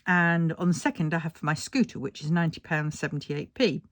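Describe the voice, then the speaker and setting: A woman's voice: sits low, a little fast, no echo. An older woman chatting casually about her budget, rambling and self-deprecating and a little tired. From England. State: tired, yawning. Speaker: budgeting vlogger. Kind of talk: casual chat.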